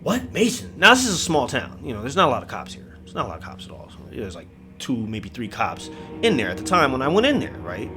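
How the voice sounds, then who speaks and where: With music playing in the background, a horror storyteller rattles off a scary tale fast in a medium-pitched voice. He's animated and crude, cursing all the time and performing the scenes as he goes.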